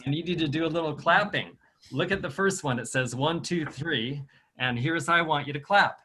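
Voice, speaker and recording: A man's voice: fairly high pitch, normal speed, bright, forceful tone, a little hiss or hum. A man, a children's author, leading a virtual storytime over a video call, patiently sounding out words and rhythms for kids to repeat. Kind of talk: teaching phrases and clapping rhythms to children.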